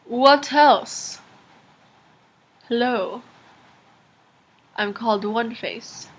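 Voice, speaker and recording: A teenage girl rambling through a casual video diary, chatty and full of fillers. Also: a little high. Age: teens. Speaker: vlogger.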